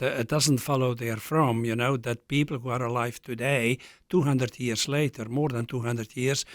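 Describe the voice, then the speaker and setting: An older man with a Flemish accent, a law professor giving measured, lecturing answers as a radio guest. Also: mid-range voice, fairly bright tone, no echo, studio quality. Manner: measured, lecturing, with many uh fillers. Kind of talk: radio talk interview.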